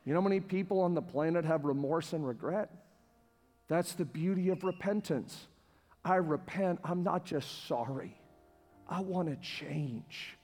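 A man preaching a sermon as pastor to a congregation in a church, passionate and repetitive, building to near-shouting. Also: fairly high pitch, a little slow. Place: church sanctuary with live congregation. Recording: long hall reverb with faint music.

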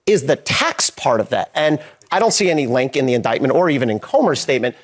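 A guest commentator giving a calm, cautious legal and political analysis, repeating that time will tell. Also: medium pitch, fast talker. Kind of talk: measured analysis.

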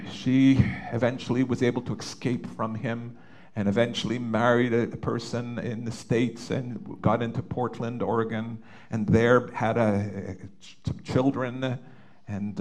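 A man's voice: medium pitch, a little mellow. A middle-aged man from Canada recounting a personal family story with earnest emotion, often hesitating and restarting. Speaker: father telling his story. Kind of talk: personal testimony.

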